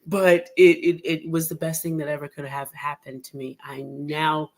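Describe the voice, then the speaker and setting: Animated, laughing woman podcast host. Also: low-pitched, normal speed. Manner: animated storyteller who laughs often and acts out quotes. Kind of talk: casual interview chat.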